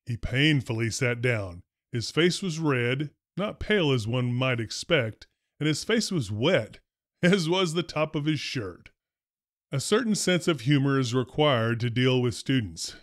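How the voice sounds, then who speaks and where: A man's voice: mid-range voice, measured pace, dry recording. Dry, wry man telling school stories. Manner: dry, wry humor, deadpan delivery. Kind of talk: first-person storytelling narration.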